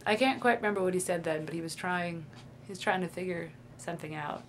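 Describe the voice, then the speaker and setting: A young woman with a lowish voice shares her feelings in a confessional video diary. She speaks in a dreamy, confiding way, trailing off and restarting her sentences. A faint hiss sits under the recording. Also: fast talker. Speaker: vlogger.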